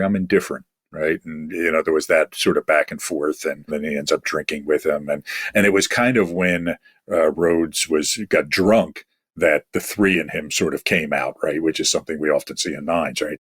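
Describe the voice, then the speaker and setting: A man's voice: a bass voice, fairly even intonation, fairly bright tone, slightly rough, dry recording, clean studio sound. A man hosting a podcast discussion, talking casually with frequent fillers and restarts. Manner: halting, many fillers and restarts. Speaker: podcast host.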